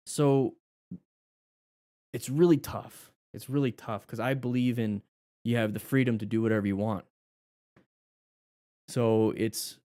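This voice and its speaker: A man's voice: mid-range voice, a little mellow, no echo, studio quality. A man hosting a live motorcycle class, reading out viewer questions and answering them casually, thinking aloud and correcting himself as he goes. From United States.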